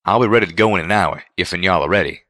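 Guy doing a drawling cowpony, bright folksy voice, dry sound. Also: sits low, rapid-fire, no echo.

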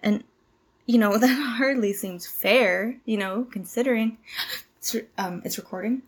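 A woman's voice: on the high side, unhurried, breathy edge. A woman in her twenties playing a nervous young cult initiate who stammers, apologizes and tries hard to please. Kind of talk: audio drama monologue.

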